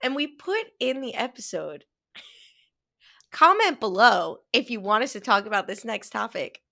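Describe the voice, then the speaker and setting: A woman's voice: fairly high pitch, sing-song, normal speed, vocal fry, pushed and bright. A young adult woman from the United States co-hosting a podcast, chatting casually with rambling asides. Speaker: podcast co-host. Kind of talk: casual chat.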